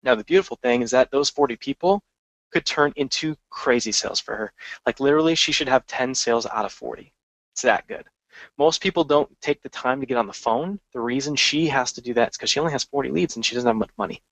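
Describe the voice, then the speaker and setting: A man's voice: medium pitch, fast, fairly bright tone, no echo, rough recording. A man hosting a marketing podcast, talking energetically in a casual, conversational way with frequent restarts and asides. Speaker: podcast host and marketing coach. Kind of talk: casual business podcast monologue.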